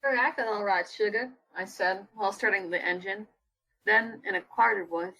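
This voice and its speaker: A woman reading fanfiction aloud with friends and dropping casual deadpan jokes. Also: medium pitch, moderate pace, vocal fry, rough recording. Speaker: fanfiction reader. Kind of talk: comedic dramatic reading.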